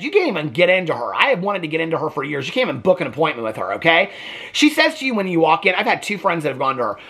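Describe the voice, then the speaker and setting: Man vlogger, sassy reaction rant with a lively, bright delivery. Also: high-pitched. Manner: sassy, emphatic, keeps saying "okay?". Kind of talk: casual ranting commentary.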